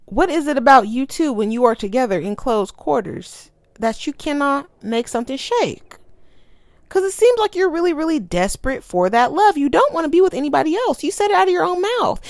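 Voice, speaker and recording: A woman's voice: sits high, sing-song, fairly quick, no room sound, studio quality. A young woman giving a sassy, emphatic casual commentary as she reviews a documentary.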